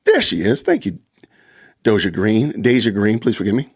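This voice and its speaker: A man hosting a live stream in a relaxed, chatty manner, reading out viewer comments. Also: fairly low pitch, moderate pace, husky. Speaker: livestream host. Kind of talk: casual live chat.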